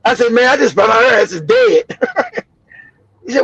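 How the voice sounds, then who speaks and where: A man in his fifties from Los Angeles telling a loud, profane story on a livestream, laughing often. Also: very high voice, wildly swooping pitch, moderate pace, slightly rough, no room sound, poor audio. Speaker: livestream host.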